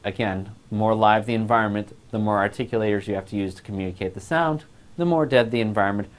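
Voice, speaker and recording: A man's voice: fairly low pitch, quick pace. A male voice class instructor giving a recorded lecture on a lapel mic, explaining patiently and step by step.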